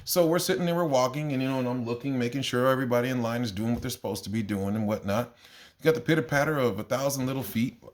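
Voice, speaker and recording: A man with a middling, everyday pitch tells stories from his kindergarten class in a loose, chatty monologue. He sounds exasperated and animated, and his voice leaps up whenever he quotes what he said to the kids. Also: quick pace. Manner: animated, exasperated, jumps into high voices when quoting himself. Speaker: kindergarten teacher. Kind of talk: casual storytelling monologue.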